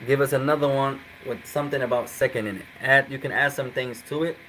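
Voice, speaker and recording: A man's voice: mid-range voice, steady tone, quick pace, bright, forceful tone, slight background noise, low-quality recording. A man teaching a live online Arabic class, coaxing his students and slipping Arabic phrases into English explanations.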